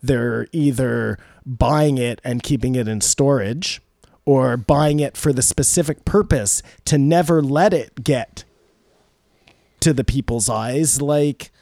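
A man co-hosting a casual podcast chat, his voice dark and mellow. He thinks aloud in a rambling, speculative way. The sound is close and dry, with no room around it. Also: medium pitch, takes it slowly, vocal fry, dry recording. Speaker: podcast co-host. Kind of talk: casual discussion.

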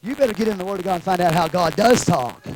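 Pastor preaching hard, voice jumping all over, goes quiet then yells. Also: mid-range voice, animated, fast, a little hiss or hum, poor audio. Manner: emphatic, swings from quiet to shouting. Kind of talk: sermon.

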